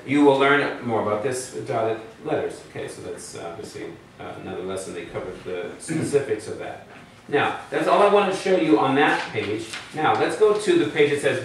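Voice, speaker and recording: A male teacher lectures a class at an ordinary pitch, stopping often to check what the students know. He is picked up from a distance in a very echoey room with a faint hum of room noise behind him. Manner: patient, asks the class questions. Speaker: Hebrew teacher.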